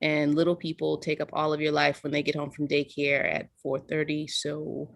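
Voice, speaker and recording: A woman's voice: deep voice, monotone, normal speed, creaky, dry recording. A woman in her thirties, an organizer giving a playful, candid thank-you speech over a video call, teasing and swearing freely. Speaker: slam organizer.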